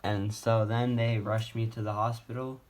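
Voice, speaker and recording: A young man vlogs from his wheelchair at home, casually telling a personal story and rambling with many fillers and restarts. His lowish voice is level and moderately paced, with a little hiss or hum in the audio.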